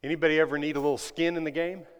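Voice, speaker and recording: A man preaching a sermon to his congregation, swinging between loud emphatic lines and hushed ones and asking them questions. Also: a little high, flat delivery, rapid-fire, smooth. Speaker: pastor. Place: church sanctuary. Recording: long reverb of a large hall.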